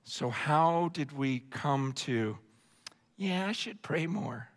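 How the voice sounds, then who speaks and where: A man preaching a sermon with passion, swinging between shouting and hushed tones. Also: fairly high pitch, expressive, slow pace. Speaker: pastor. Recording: long hall reverb.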